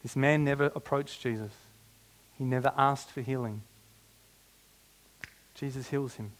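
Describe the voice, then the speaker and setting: A man preaching a sermon in an animated way, with humorous asides. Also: mid-range voice, unhurried.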